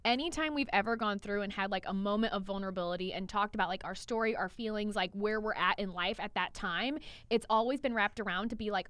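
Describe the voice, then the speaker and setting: A woman's voice: mid-range voice, quick pace, clear, resonant tone, dry recording. A woman co-hosting a casual chat podcast, telling stories with lots of swearing and acting out what she said back then. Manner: animated storytelling, acts out her own past lines, swears freely. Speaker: podcast co-host and trainer.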